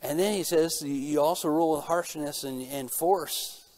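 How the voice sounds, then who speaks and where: Middle-aged male pastor, earnest sermon delivery, slightly high voice, asks and answers his own questions. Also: normal speed, darkish tone. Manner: asks rhetorical questions and answers them himself; earnest, rising in intensity at key points.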